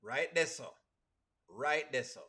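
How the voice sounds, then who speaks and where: A man with a Jamaican accent giving lively live reaction commentary, mixing patois into his English. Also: mid-range voice, slow, breathy edge. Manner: animated, mixes patois with standard English. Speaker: reaction streamer.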